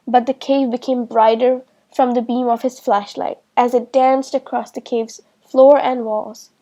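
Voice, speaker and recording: A woman reads a children's storybook aloud in a slow, clear way for beginners. Her voice is high and her tone is soft and mellow. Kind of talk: children's book read-aloud.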